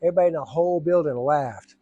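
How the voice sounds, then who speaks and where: Man, casual storyteller, higher pitch, dry close sound. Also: racing, mellow, dry recording, highs cut off. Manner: rambling, drawling Southern storyteller, acts out voices. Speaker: storyteller vlogger.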